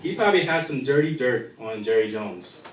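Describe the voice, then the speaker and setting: A man's voice: mid-range voice, animated, a little fast, music in the background. Crude rambling male stand-up comic. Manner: crude, rambling, lots of fillers. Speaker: stand-up comedian. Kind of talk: stand-up comedy. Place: live comedy show in a bar. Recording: echoey room from far off.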